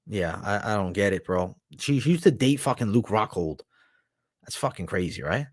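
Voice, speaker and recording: A man's voice: fairly low pitch, lively intonation, moderate pace, no room sound, clean studio sound. Foul-mouthed young man chatting live. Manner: crude, profanity-heavy slang, rambling. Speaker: livestream host. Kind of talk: casual livestream chat.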